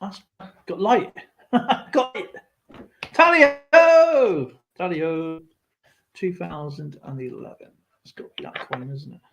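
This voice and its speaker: A man's voice: on the high side, creaky. A man hosting a live stream, telling a rambling story and acting out what other people said, with laughs along the way. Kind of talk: casual storytelling chat.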